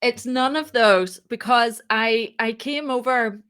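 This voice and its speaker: Bright-voiced woman telling a lively story. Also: on the high side, slow, clear, resonant tone. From moved to Ireland. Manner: lively, acts out quoted dialogue. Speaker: podcast guest, startup founder. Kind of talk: casual interview storytelling.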